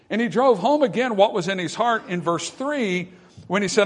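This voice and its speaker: A man preaching a sermon, repeating phrases and asking the listeners whether they follow, moving from hushed passages to loud emphatic ones. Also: sits high, animated, normal speed, breathy edge. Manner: repetitive, addresses audience with questions.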